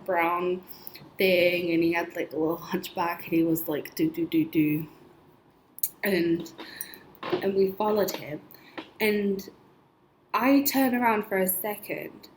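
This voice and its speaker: A woman's voice: fairly low pitch, darkish tone. A young woman vlogging, telling her dreams in a rambling, chatty way full of "like" and little laughs. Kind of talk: casual storytelling. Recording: echoey room with faint noise.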